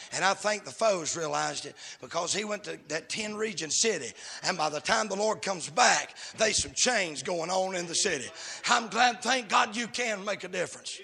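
A middle-aged man preaching a fervent sermon. He shouts with a sing-song cadence. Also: high voice, normal speed, gravelly, husky.

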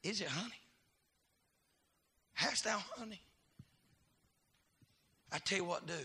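A man preaching a fiery sermon, calling out to the congregation and swinging from hushed asides to shouting. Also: high voice, slow pace, pauses often, breathy edge.

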